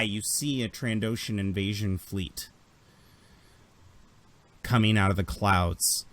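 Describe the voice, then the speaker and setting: A man narrating as game master in a tabletop game, telling the scene vividly and dramatically. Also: on the low side.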